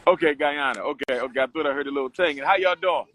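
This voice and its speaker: A man preaching emphatically, bright and forceful. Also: on the high side, fast talker. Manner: preacherly, emphatic, repeats phrases. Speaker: host. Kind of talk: casual street interviews and commentary.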